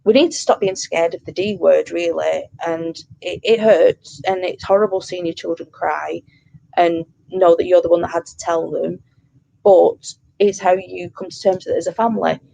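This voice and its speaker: A woman in her thirties, a pet bereavement counsellor, talking earnestly and warmly in an interview, with many fillers and restarts. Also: fairly low pitch, fairly even intonation, moderate pace, gravelly, low-quality recording. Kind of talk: interview conversation.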